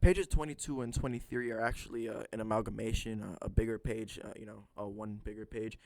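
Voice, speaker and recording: A man's voice: lowish voice, fairly even intonation, a little fast, creaky, a little mellow, dry recording. Guy casually going over a comic issue, rambly with lots of ums and asides, dry close sound. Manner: rambling, filler-heavy, chatty asides. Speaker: comic book reviewer. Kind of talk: casual comic book recap.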